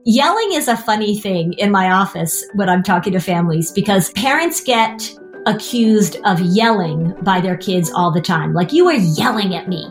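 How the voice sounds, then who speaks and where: A woman's voice: medium pitch, normal speed, soft background music. Brief: woman in her fifties, therapist host, plain explanatory podcast talk. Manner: explanatory, acts out parents and kids in lively voices. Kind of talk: casual podcast chat.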